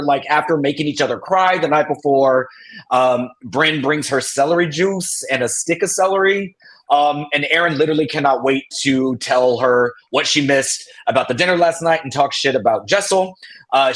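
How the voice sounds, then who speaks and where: A chatty, gossipy man hosting a live recap panel, with a slightly high voice. He talks casually and laughs a lot between his points. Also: a bit bright. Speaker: podcast host.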